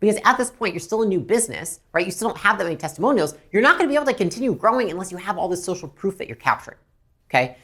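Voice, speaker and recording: A woman's voice: medium pitch, sing-song, rapid-fire, a bit bright, husky. A woman business coach explaining how to handle customers, blunt and emphatic, who acts out short dialogues between customers and staff. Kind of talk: instructional talk to camera.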